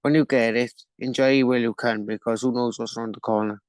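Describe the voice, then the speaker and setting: A man, a professional boxer, chatting as a guest over a remote call in a relaxed, jokey way and swearing freely. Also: mid-range voice, quick pace, no echo. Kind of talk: casual interview chat.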